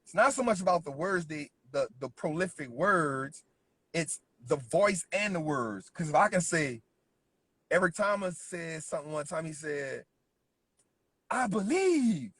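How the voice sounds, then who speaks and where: A man delivers a motivational business lesson in a slightly husky, somewhat high voice. He hammers each point through repetition and keeps asking the listener "right?" The effect is insistent and coaching. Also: expressive, moderate pace, fairly bright tone. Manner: emphatic, repeats points with constant "right?" check-ins. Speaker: business speaker.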